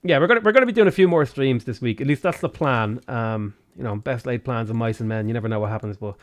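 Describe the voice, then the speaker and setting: A game streamer with a Dublin Irish accent gives chatty live commentary on his gameplay, speaking quickly in a medium-pitched voice. He swears freely and has bursts of exasperation.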